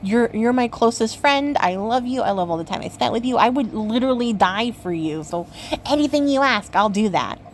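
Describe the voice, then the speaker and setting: A woman's voice: a little high, expressive, normal speed, slight background noise, natural voice. Woman doing an earnest young prince. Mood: gushing. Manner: gushing, exclamatory.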